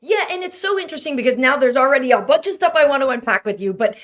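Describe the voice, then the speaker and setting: A woman's voice: high voice, expressive, quick pace. A woman interviewer asking questions in an enthusiastic, chatty way. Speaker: interviewer, host. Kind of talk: casual interview.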